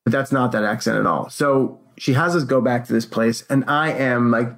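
A young adult man, a co-host, telling a story in casual chat and acting out quotes with animated energy. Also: medium pitch, normal speed.

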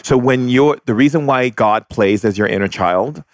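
A man speaking calmly, teaching about spirituality and leading the listener through a guided exercise. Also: medium pitch, moderate pace, no room sound, clean studio sound. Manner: calm, instructive, leads guided exercises. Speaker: shaman guest. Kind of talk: spiritual guidance conversation.

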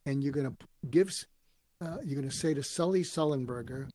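A man telling stories in an interview, acting out quoted lines with lively voices. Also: mid-range voice, a little fast, no echo, clean studio sound. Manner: animated storyteller acting out quotes. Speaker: guest, author and speaker. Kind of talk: storytelling interview answers.

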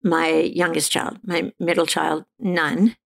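Gravelly-voiced middle-aged woman telling her story. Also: low-pitched, fairly even intonation. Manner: halting, frequent restarts and fillers, laughs now and then. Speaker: guest sharing her recovery story. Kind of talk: candid personal storytelling.

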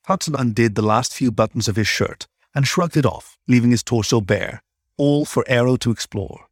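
A man narrating a story in a measured, unhurried way. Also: medium pitch, husky, no echo, clean studio sound. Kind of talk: audiobook-style story narration.

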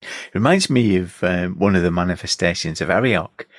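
A man's voice: deep voice, normal speed, no echo, clean studio sound. A man co-hosting a podcast, chatting casually and thoughtfully about an old film and reading bits of a review aloud. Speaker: podcast co-host.

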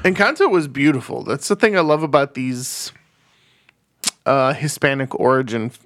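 A man's voice: medium pitch, animated, moderate pace, a bit bright. A man co-hosting a movie podcast in a loose, rambling, laughing chat. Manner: laid-back, rambling, laughs often. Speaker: podcast co-host. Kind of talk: casual chat.

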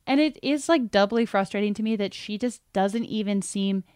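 Woman podcast co-host, animated and sarcastic, dead-dry studio sound. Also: mid-range voice, normal speed, clean tone, no echo. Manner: sarcastic, animated riffing with quoted voices. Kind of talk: casual chat.

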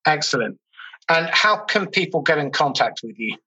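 A man's voice: fairly high pitch, sing-song, moderate pace, bright, forceful tone, breathy edge, lo-fi sound. A man interviewing a guest on a video call, with brief encouraging replies. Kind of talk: casual interview talk.

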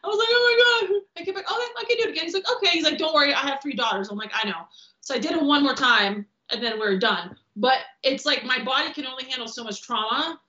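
A woman's voice: high-pitched, animated, fast talker, pushed and bright. A woman, a stunt performer guest, telling stories on a casual podcast, acting out quotes and swearing freely. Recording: roomy, dull lo-fi podcast audio.

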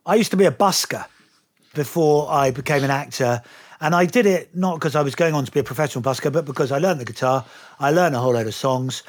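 A middle-aged Englishman with an English accent, chatting as an actor guest in an interview and telling lively, anecdotal stories with the odd curse. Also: a little high, quick pace. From England. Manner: lively anecdotal storyteller, occasionally swears. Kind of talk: casual interview chat.

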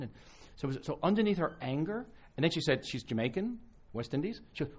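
Very fast and breathy-edged, a medium-pitched man's voice preaches at a live conference. The pastor's sermon is conversational and animated, built on stories he keeps restarting.

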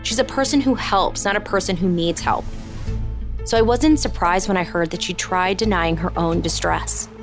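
A woman hosting a podcast, narrating in a measured, reflective scripted style. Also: on the low side, soft background music.

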